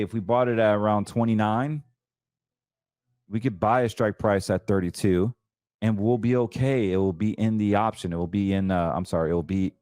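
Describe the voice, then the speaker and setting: A man's voice: on the low side, a little mellow, no room sound, clean studio sound. A man hosting a financial show, talking through trades in a chatty, emphatic way, stumbling over words and correcting himself. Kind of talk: casual market commentary.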